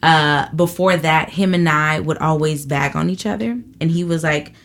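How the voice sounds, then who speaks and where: A woman comedian guest in a casual interview, telling stories in an animated, profane way and acting out quotes. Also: sits low, moderate pace.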